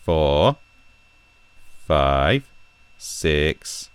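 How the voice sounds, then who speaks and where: A man's voice: extremely low pitch, big pitch swings, drawn-out words, smooth, no echo. A man ranting sarcastically and swearing heavily as he reads and picks apart statistics on a live stream.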